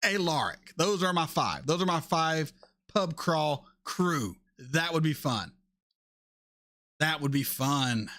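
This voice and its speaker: A man in his thirties hosting a casual chat, answering viewer questions in a blunt, animated way and swearing freely. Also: fairly high pitch, takes it slowly. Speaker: reaction channel host.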